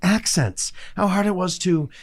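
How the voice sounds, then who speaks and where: A middle-aged man with a raspy, textured voice, chatting as a voice actor guest on an interview show and telling stories with sarcastic asides. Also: sits high, unhurried. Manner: animated storyteller, sarcastic asides. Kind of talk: casual interview chat.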